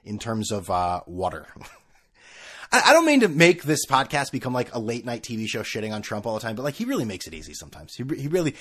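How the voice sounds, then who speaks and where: With a mid-range, slightly bright voice that swoops wildly in pitch, this podcast host talks fast through a self-mocking comedic story, stopping and restarting again and again.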